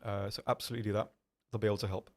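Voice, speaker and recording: Chatty young man, lowish voice. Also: flat delivery, rapid-fire. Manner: chatty and self-deprecating, reads viewer questions aloud and answers with frequent ums. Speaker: stream host answering chat. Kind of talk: casual live-stream chat.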